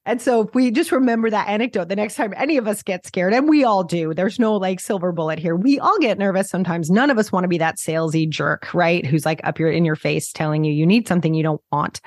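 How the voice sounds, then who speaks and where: Woman, business coach, podcast chat, enthusiastic, gushing, lower pitch, dry sound. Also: fast, few pauses, no room sound. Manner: enthusiastic, gushing, acts out little dialogues. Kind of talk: podcast conversation.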